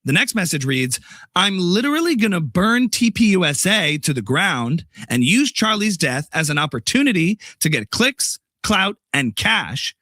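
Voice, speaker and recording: A man's voice: high voice, very animated, moderate pace, bright, forceful tone, dry recording, studio quality, exaggerated voice. A man doing a smug, giggling female pundit. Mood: mocking. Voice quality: mocking, giggly, sing-song delivery. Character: sarcastic female political pundit, smug and defensive. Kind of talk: comedy sketch impression.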